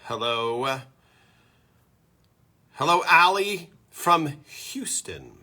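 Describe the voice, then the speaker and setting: A man's voice: a little high, lively intonation, very slow, bright, forceful tone. A man hosting a live fan show, chatting casually and greeting viewers one by one on a stream from home through a built-in computer mic.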